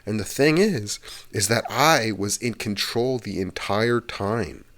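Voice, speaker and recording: A man's voice: on the low side, expressive, slow pace, fairly bright tone. A young man hosting an ASMR channel, rambling through a casual chatty monologue with some swearing.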